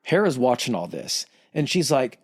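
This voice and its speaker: A man of middle pitch retells an old myth as casual podcast chat, cursing freely and joking around. He drops into quick impressions of the characters without breaking stride. The sound is dry and close, with no room echo. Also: a little mellow. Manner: profane, jokey retelling with quick character voices. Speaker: podcast co-host.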